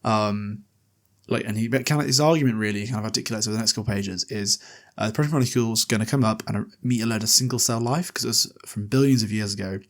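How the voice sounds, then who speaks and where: A man's voice: on the low side, quick pace. A man hosting a podcast, casually recapping a book chapter in a loose, chatty way with lots of fillers and the odd swear. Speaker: podcast host.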